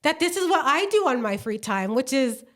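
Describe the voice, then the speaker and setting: A woman co-hosting a podcast, telling a story in a lively, gushing way with lots of fillers and acted-out quotes. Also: sits high, moderate pace. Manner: animated, gushing storyteller who acts out quotes. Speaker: podcast co-host. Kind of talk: casual chat.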